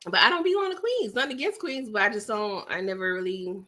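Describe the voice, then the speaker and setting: Bright-voiced New woman chatting live. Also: medium pitch, quick pace, few pauses. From New York City. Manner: chatty and animated, with frequent laughs and asides to the audience; snacking while talking. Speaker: livestream host reading viewer chat. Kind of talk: casual live-stream chat.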